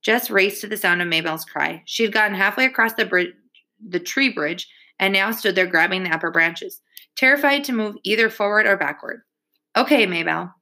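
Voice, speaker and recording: A woman reading a children's novel aloud in a steady, measured storytelling manner. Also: mid-range voice. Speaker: reader. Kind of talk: audiobook reading.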